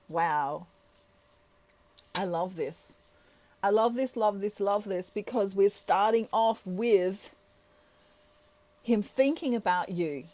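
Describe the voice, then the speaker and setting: A woman's voice: mid-range voice, expressive, slow pace, pauses often, a little mellow. A woman chatting playfully through a tarot reading, laughing often as she talks. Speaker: tarot reader. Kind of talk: casual tarot reading monologue.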